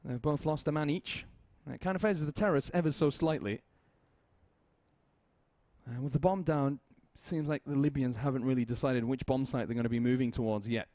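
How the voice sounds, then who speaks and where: A man casting a competitive shooter game match with fast, joking play-by-play commentary. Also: mid-range voice, warm tone, no echo. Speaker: esports caster.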